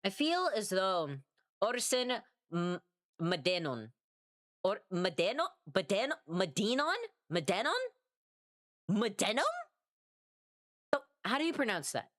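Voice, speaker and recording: A woman's voice: medium pitch, sing-song, unhurried, pauses often, a bit bright. A woman streaming while she draws, chatting casually in a rambling, self-mocking way, swearing freely and sounding tired. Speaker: artist streamer. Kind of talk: casual livestream chat while drawing.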